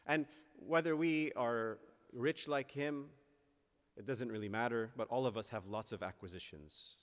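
A male priest giving a sermon in an earnest way, rising to emphatic peaks and slowing down on key phrases. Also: mid-range voice. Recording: long church reverb.

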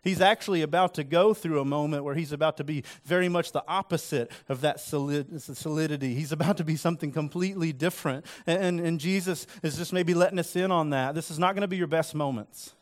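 A man's voice: a little high, fast talker, few pauses. A man preaching a sermon in a conversational, earnest way, acting out quoted lines with rising emphasis. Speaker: pastor.

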